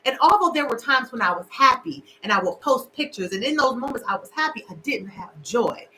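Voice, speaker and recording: A woman's voice: a little high, expressive, fairly quick, pushed and bright, slight background noise, rough recording. A middle-aged woman hosting a casual livestream, candid and emotional, talking straight to her viewers. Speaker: show host. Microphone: livestream camera.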